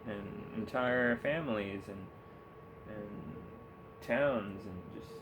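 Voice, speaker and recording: A man's voice: medium pitch, a bit bright, slight background noise. A young man ranting sarcastically about politics while playing a video game, swearing and rambling with frequent laughs. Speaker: gaming streamer. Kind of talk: casual political rant while gaming.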